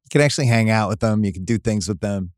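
A man hosting a casual podcast, speaking in a relaxed, wry conversational way. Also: on the low side, fast, no echo, studio quality. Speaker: podcast host.

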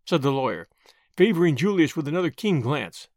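A male narrator reading a story aloud with a fairly high, animated voice. The delivery is clear and expressive, recorded dry and close with no room sound. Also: brisk, no room sound. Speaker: audiobook narrator. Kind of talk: scripted narration.

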